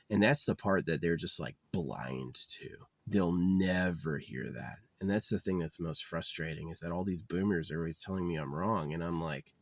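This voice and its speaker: On a dry recording, a male vlogger with a low pitch and moderate pace vents in a casual, curse-filled rant. He sounds exasperated and mocks the other side using fake voices.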